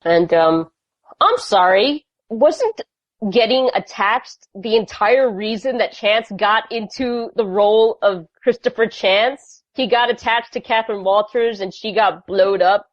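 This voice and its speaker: A woman co-hosting a podcast, recapping a TV episode in a quick, sarcastic storytelling way. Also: mid-range voice, no room sound, dull audio. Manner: sarcastic, quick storytelling with playful put-on quotes. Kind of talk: casual recap chat.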